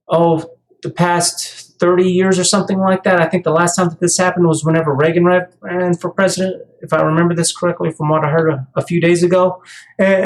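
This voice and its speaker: A heated commentator rants straight to the viewer in a monologue, tripping over and repeating words as the points pile up. The voice sits in a mid range and rings in a roomy, echoey space. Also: mid-range voice. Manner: heated, stammering restarts. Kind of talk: ranting monologue. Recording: echoey room.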